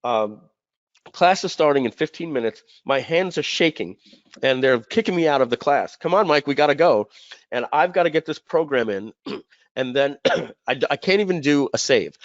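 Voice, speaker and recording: A man's voice: medium pitch, normal speed, dry recording. A man in his fifties tells a personal story to a live webinar audience. He acts out the voices of people in the story and stumbles through restarts as he talks. The recording is dry and a little dull. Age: 50s. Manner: animated, acts out quoted voices, many fillers and restarts. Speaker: webinar host.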